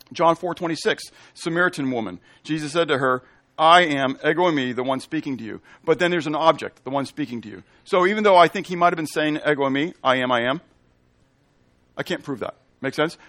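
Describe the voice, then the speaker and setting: Casual teaching pastor, fairly high voice. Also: male voice, fairly bright tone, no echo. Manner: conversational, checks in with frequent "okay?"; explains Hebrew and Greek terms. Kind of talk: teaching sermon.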